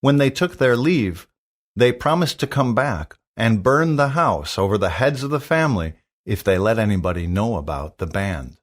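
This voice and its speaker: A man reading a storybook aloud for learners, narrating in a careful, expressive way. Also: lowish voice, moderate pace.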